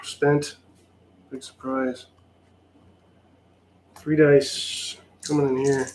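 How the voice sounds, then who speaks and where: Dry, sarcastic man talking slowly. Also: medium pitch, little pitch movement, noisy background. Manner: wry, sarcastic, mildly exasperated. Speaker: solo tabletop wargame player. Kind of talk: casual play-by-play of a tabletop game.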